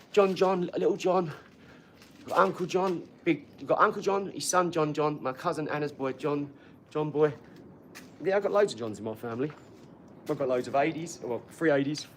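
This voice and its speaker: A man's voice: fairly high pitch, fairly bright tone, a little hiss or hum. A man hosting a casual livestream, rambling between topics, swearing freely and answering viewers' comments. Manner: talks to viewers' comments directly. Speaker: livestream host.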